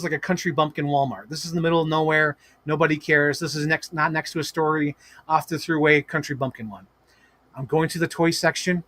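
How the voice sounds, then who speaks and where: A man hosting a toy-collecting live stream at home, telling stories in a casual, animated way with lots of swearing and laughter. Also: fairly high pitch. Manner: animated, profane, laughing storyteller. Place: home room with toy shelves.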